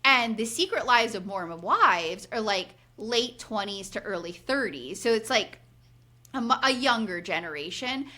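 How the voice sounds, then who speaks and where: Sharp in tone and medium in pitch, this forty-something woman chats casually on a podcast she co-hosts. She's animated, acts out quotes, and fills her recap with plenty of "like."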